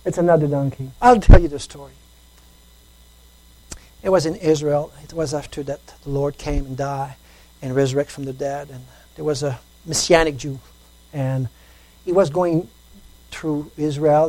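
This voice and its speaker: Woman preaching with lively swings. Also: sits low, rough recording. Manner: lively, repeats phrases, storytelling, swings between loud and soft. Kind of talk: sermon.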